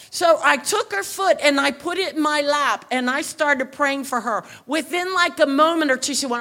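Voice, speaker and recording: Woman preacher, high and bright, animated storytelling building to shouts at a church service. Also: normal speed. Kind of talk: sermon.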